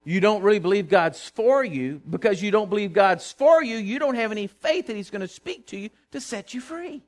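A man's voice: high voice, lively intonation, a little fast. A middle-aged man preaching a fervent sermon, calling on the congregation to answer him. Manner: fervent, calls for responses from congregation. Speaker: pastor.

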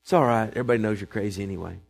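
A man, preaching a sermon to his congregation, emphatic and calling for responses, swinging between loud proclamations and quiet asides. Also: lowish voice, rapid-fire, creaky. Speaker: pastor. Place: church sanctuary before a congregation.

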